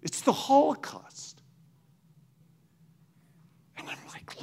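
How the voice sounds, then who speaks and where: A man recounting a personal testimony in a high, lively voice that swoops up and down. He talks slowly and haltingly, restarting his sentences as the emotion catches him. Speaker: speaker sharing a testimony.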